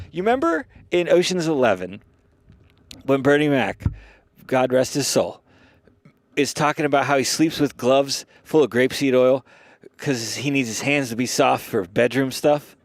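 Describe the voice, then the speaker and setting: Excitable, foul-mouthed male podcast host. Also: medium pitch, unhurried, no room sound, studio quality. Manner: excitable, profane, rambling and self-amused. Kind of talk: casual comedic chat.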